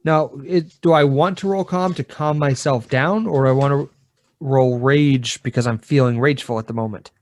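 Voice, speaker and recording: A man playing a tabletop game on a podcast, describing scenes in a relaxed, casual way. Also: mid-range voice, moderate pace. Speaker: player. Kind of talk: casual actual-play chat.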